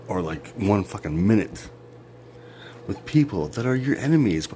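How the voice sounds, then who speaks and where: A man's voice: deep voice, big pitch swings, measured pace, a little mellow, slight background noise. A man ranting into his phone or camera in a rambling, sarcastic monologue, swearing a lot and breaking into laughs. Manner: profane, sarcastic, jumpy rants with sudden laughs. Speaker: vlogger.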